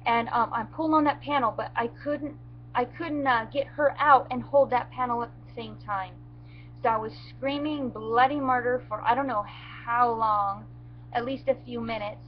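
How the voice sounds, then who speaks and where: A woman's voice: on the high side, fairly even intonation, dull audio, slight background noise. Shaken woman retelling a close call. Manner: halting, shaken retelling with restarts and near tears. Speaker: goat owner telling what happened. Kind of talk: emotional first-person storytelling.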